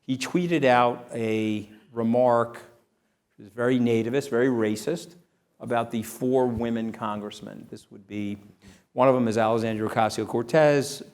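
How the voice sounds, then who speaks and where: A man's voice: mid-range voice, steady tone, moderate pace, darkish tone. Punchy New man telling stories. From New York. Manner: punchy, tags lines with "okay?". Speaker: interview guest. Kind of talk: animated storytelling.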